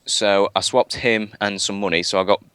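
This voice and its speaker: A man's voice: fairly low pitch, level tone, moderate pace, fairly bright tone, clear, resonant tone, no room sound. A man chatting casually on a gaming live stream, rambling with lots of fillers and restarts. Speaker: guest gamer.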